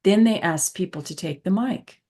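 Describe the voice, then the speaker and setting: A woman's voice: mid-range voice, normal speed, darkish tone. A woman patient advocate and host telling a personal story in an earnest, reflective way with emphatic repetitions. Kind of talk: conversational storytelling.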